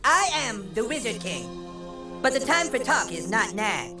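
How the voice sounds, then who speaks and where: A man's voice: very high-pitched, big pitch swings, a little slow, distant mic, full character voice. A man voicing a bossy, self-important boy who plays a wizard king, pompous and commanding. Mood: grandiose. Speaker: game character. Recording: game audio over loud music.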